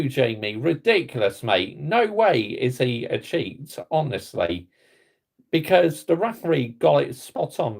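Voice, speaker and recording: Slow, gravelly West Country man ranting. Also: medium pitch. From Somerset, England. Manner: indignant, blunt, repetitive catchphrases. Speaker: football fan channel host. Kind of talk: ranting reaction vlog.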